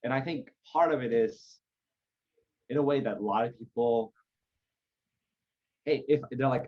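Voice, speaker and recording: A husky-voiced man speaks as a podcast guest, rambling through his points with plenty of fillers. The audio is dull and lo-fi. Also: mid-range voice, unhurried, long pauses. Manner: rambling, lots of fillers and restarts. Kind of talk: casual conversation.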